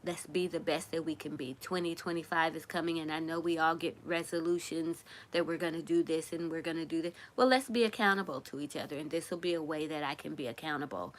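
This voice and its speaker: A woman hosting a crochet live stream, speaking in a gentle, encouraging and emotional way while close to tears. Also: low-pitched, fairly even intonation, fast, few pauses, a little hiss or hum. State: tearful, runny nose. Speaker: crochet livestream host. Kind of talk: casual live-stream talk.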